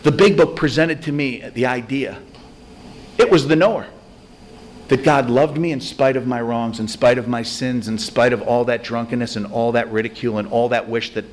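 A man giving a conversational, self-deprecating spiritual talk to a recovery group, telling stories with animated energy. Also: mid-range voice. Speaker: recovery meeting speaker.

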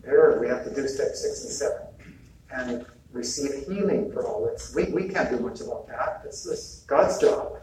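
A man's voice: medium pitch, expressive, moderate pace, mellow, a little hiss or hum. A man giving an informal spiritual talk about healing, conversational and chuckling often, acting out bits of dialogue. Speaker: retreat speaker. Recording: echoey hall mic from a distance, faint ambience.

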